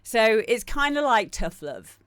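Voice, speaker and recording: A woman's voice: on the high side, very animated, unhurried, a bit bright, smooth, no room sound. A young adult woman, a streamer and music producer, rambling casually to her viewers and often restarting her sentences. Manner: rambling, self-deprecating, frequent restarts. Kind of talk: casual live-stream chat.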